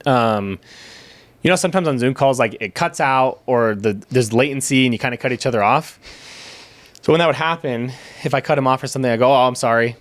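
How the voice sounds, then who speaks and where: A candid man speaking as a podcast guest, retelling events in casual chat and voicing the people he quotes. He swears freely and keeps a mid-range pitch. The sound is dry and close. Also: brisk, no room sound. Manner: candid storytelling, swears, acts out quoted dialogue.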